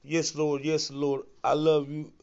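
A man's voice: fairly high pitch, completely flat delivery, measured pace, creaky, a little mellow. A man voicing a desperate man hanging from a cliff, pleading frantically, in a lo-fi recording.

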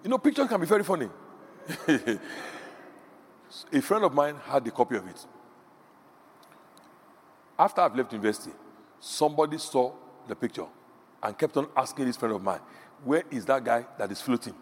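A man's voice: mid-range voice, big pitch swings, normal speed, pauses often. A middle-aged man preaching a sermon, telling stories with animation and acting out the voices he quotes. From Nigeria. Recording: echoey hall, faint background hum.

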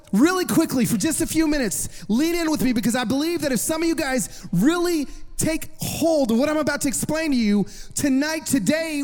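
A man preaching a sermon, telling stories with animated delivery and voicing other people's lines. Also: very high voice. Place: large hall with an audience. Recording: long hall reverb.

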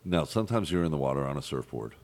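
A man's voice: very deep voice, lively intonation, fast, darkish tone. A man hosting a casual chat, giving short reactions and swearing casually as he asks questions. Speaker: host.

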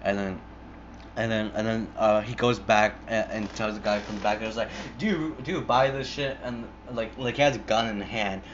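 A young man with a lowish voice retells a movie in a loose, rambling way. He swears freely and fills every gap with "like" and half-started words. The recording is muffled and lo-fi, with a faint hiss behind him. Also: flat delivery, moderate pace. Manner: rambling, profane, full of "like" and restarts.

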